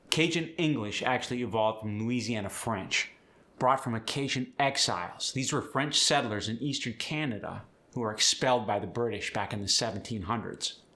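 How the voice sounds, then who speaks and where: A man coaching pronunciation in a clear, upbeat, instructive manner. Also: mid-range voice, bright, forceful tone. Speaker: accent coach. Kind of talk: pronunciation tutorial.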